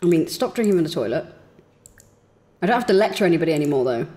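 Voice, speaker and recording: Young woman, casual gameplay commentary, chatty and excitable, pitch swooping up and down. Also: quick pace. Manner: chatty and excitable, talks to her game characters. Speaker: streamer.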